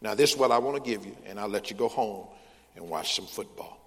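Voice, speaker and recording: A male pastor preaching a sermon, leading the congregation in call-and-response with loud, emphatic bursts. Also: on the low side, brisk. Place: large church sanctuary. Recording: long church hall reverb.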